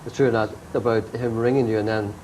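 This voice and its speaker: A man hosting a television chat show, asking teasing, prodding questions and laughing quickly. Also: lowish voice, fairly even intonation, darkish tone, poor audio. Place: TV studio. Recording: archive TV broadcast with faint background noise.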